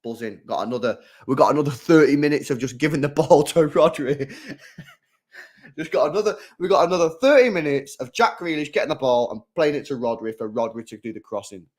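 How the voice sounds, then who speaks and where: Here a man streams his reactions to a football game, talking to viewers as an eager supporter. His delivery runs a little fast and veers from yelling to quiet muttering.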